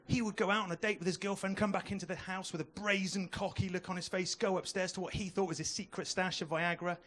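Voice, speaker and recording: A young man works the room in a stand-up set, talking in a high, bright voice into a handheld stage mic. He chats with the crowd and throws in quick asides. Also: steady tone. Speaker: stand-up comedian. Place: comedy club stage.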